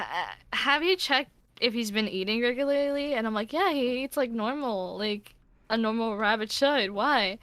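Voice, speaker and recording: A young woman guest on a stream, chatting quickly and giggling as she rambles through a story. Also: fairly high pitch, a bit bright, no echo. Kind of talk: casual chat on stream.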